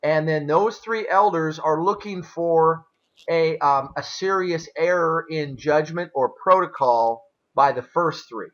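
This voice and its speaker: A slightly high-voiced man hosts a relaxed interview, explaining things plainly and at length with homely asides. The audio is dull and lo-fi. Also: measured pace. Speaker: interview host, former elder. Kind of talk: casual conversational interview.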